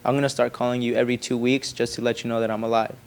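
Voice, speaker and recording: Young guy telling his story, earnest, kinda soft, trails off at the ends. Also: mid-range voice, flat delivery, very fast, vocal fry, clear, resonant tone. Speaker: church member. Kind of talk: casual personal storytelling.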